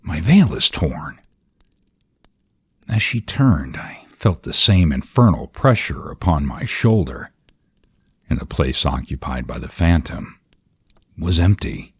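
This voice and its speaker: A man narrating a ghost story in a slow, hushed, partly whispered delivery. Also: very deep voice, lively intonation, breathy edge, no room sound.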